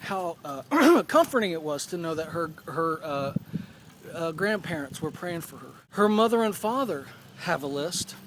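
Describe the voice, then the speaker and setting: A man in his forties speaks in a reflective personal vlog, earnest and unhurried, often pausing to gather his thoughts. His voice sits fairly high for a man. A faint hum of background noise runs beneath him. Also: big pitch swings, a bit bright. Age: 40s. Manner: earnest, thoughtful, with pauses and restarts. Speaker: vlogger.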